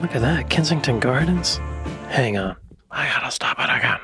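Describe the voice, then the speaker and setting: A man hosting a reaction video. He talks in a playful, joking way and often drops into soft whispered asides. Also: medium pitch, expressive, moderate pace, breathy edge, soft background music. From United States. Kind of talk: casual reaction commentary.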